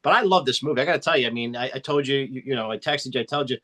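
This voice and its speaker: A man hosts a casual interview, eager and admiring. He stumbles and restarts as he talks. His voice sits at an ordinary middle pitch. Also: pushed and bright. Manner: enthusiastic, halting with restarts. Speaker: podcast host.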